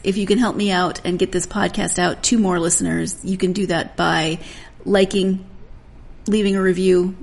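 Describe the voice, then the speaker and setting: A woman's voice: fairly low pitch, creaky. A woman in her forties hosting a book podcast, chatting in a rambling way and laughing often. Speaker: podcast host. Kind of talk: casual solo podcast chat.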